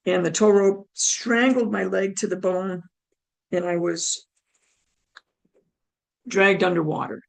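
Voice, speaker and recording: A woman with a hoarse, strained voice from a damaged throat, telling her personal story in an animated way and acting out her own past thoughts as quoted asides. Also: medium pitch, unhurried, low-quality recording. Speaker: guest telling her near-death story.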